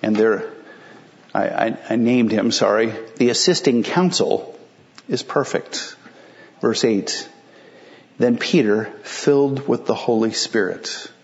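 A man's voice: lowish voice, slow pace, creaky, dull audio. A male pastor preaching a sermon in a conversational, explanatory way, asking rhetorical questions and answering them.

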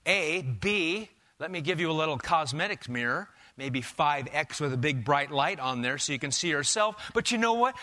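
A man preaching a sermon in a church, asking rhetorical questions and swinging between loud emphasis and quiet asides. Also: fairly high pitch. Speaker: pastor. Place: church sanctuary.

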